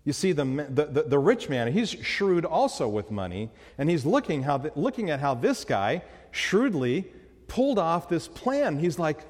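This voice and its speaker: A pastor preaches in a church sanctuary with a long hall reverb, his voice on the high side yet darkish in tone, swinging widely in pitch at a moderate pace. He is emphatic and fills the sermon with rhetorical questions.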